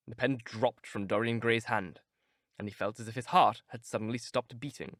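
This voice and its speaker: A man reading a classic novel aloud in measured, expressive scripted narration on a close mic. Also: mid-range voice, no echo. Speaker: audiobook narrator.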